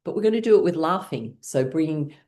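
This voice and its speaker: A middle-aged woman leading a laughter yoga class, calmly and playfully guiding the group. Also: deep voice, fairly quick. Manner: calm, gently guiding, playful. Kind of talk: guided class instruction.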